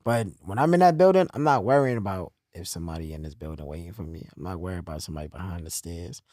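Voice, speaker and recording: A young man telling stories in casual conversation, swinging between low, quiet stretches and loud bursts. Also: expressive, fast, dry recording, studio quality. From New York. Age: young adult. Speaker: podcast guest telling his story.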